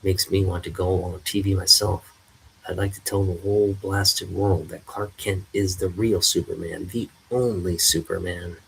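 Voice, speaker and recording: A man's voice: deep voice, steady tone, normal speed, creaky, a little hiss or hum, low-quality recording. A man voicing an indignant older male farmer with folksy grumbling, reading a comic aloud. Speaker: comic reader.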